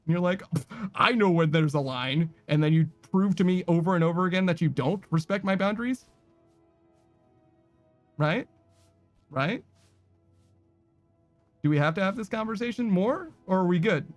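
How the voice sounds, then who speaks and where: A man's voice: high voice, normal speed, pauses often, no echo, faint music behind. A man giving casual, profane, sarcastic commentary while playing a video game. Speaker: gaming streamer.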